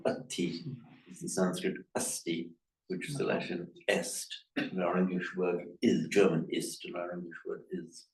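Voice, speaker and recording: A man teaching a language class, correcting his students' pronunciation in a halting, repetitive way. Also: deep voice, level tone, a little mellow. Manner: hesitant, repeats words, corrects pronunciation. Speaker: Pali teacher. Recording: echoey room, mic far off.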